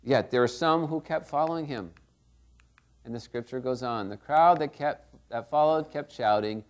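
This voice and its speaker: A man's voice: medium pitch, moderate pace. A middle-aged man preaching a sermon in a conversational way, often checking in with the congregation. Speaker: pastor.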